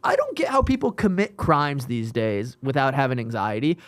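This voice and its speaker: A man's voice: mid-range voice, wildly swooping pitch, moderate pace, no room sound. A man riffing with jokey banter in casual podcast chat. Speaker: comedian, podcast co-host.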